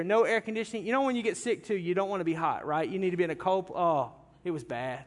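A pastor delivers a humorous story during a sermon, speaking animatedly and directly to his congregation in a church sanctuary. His voice is high and fast with hardly any pauses, and the large church gives the recording a long hall reverb.

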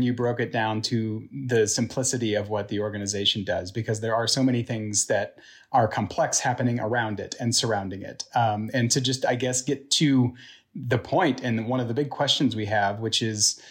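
A man in a podcast interview speaks at a middle pitch, asking measured and thoughtful questions as co-host.

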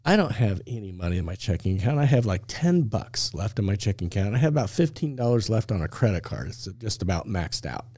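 A middle-aged man hosting a podcast, telling a personal story in an animated way and checking in with his listeners as he goes. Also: lowish voice, quick pace, few pauses, no echo, clean studio sound. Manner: animated, stops often with "okay?" to check in with listeners; acts out the dialogue of the people in his story. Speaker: podcast host. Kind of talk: conversational storytelling.

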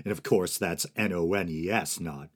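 A man's voice: low voice, normal speed. A man with a Boston accent hosting a solo podcast, casually commenting and reading from sources with self-mocking asides. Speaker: podcast host.

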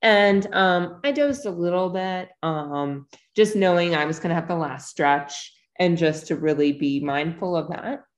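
A woman's voice: fairly low pitch, unhurried, few pauses, echoey room. A woman, a podcast guest, telling her story in a chatty, casual way. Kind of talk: casual interview chat.

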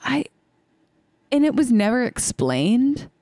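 A woman co-hosting a podcast, reacting to a movie in an emphatic, animated way with casual swearing. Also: a little high, takes it slowly, dry recording, studio quality. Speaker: podcast co-host. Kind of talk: casual chat recapping a movie.

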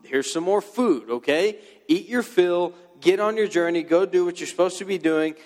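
A blunt, easygoing angel barking orders, as a preacher puts him on. The slightly raised voice rings through a long hall reverb. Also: male voice, high-pitched, normal speed, darkish tone, natural voice. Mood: nagging. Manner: bossy, laid-back slang. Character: blunt casual male angel.

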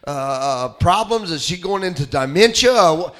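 A man's voice: a little high, lively intonation, normal speed, hardly any pauses, fairly bright tone. A middle-aged man preaching a sermon in a folksy, conversational way, with many fillers and restarts. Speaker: pastor.

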